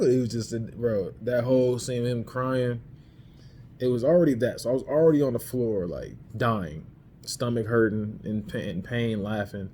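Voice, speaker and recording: A man's voice: medium pitch, moderate pace, warm tone, slight background noise. A man hosting a podcast, casually ranking movies in slangy talk and laughing as he retells scenes into a camera mic. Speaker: podcast host reviewing movies.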